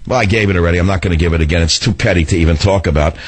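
A man's voice: deep voice, very fast, breathy edge. A man hosting a talk radio show from a studio, telling a story in a combative, indignant way with mocking asides.

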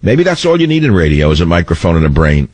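A middle-aged man with a baritone voice, hosting a talk radio show in a combative, rambling way. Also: very animated, fast, a little mellow, no room sound. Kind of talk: opinionated talk radio monologue. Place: radio studio. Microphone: studio microphone.

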